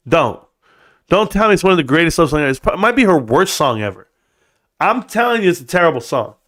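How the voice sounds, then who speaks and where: A man's voice: fairly high pitch, a bit bright. A man from California hosting a casual live stream, joking and blunt, calling everyone "bro" as he reads chat. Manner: joking, blunt, says "bro" a lot, swears.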